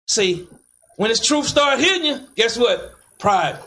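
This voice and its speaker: A man preaching, commanding his reader to read on and firing back sharp questions. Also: very high-pitched, lively intonation, slow pace, low-quality recording. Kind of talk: street preaching with scripture reading.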